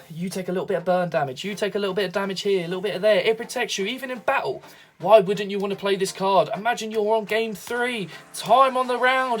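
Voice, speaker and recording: A man giving hyped solo video commentary as a card game deck reviewer, excitable and salesy. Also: high voice. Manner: excitable, salesy, hypes everything.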